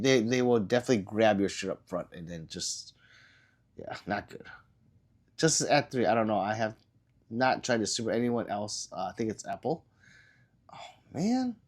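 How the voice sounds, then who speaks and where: A man's voice: fairly low pitch, darkish tone. A man who is sick and coughing hosts a casual livestream. He reads viewer comments aloud and answers them in a loose, rambling way, full of fillers. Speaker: livestream host.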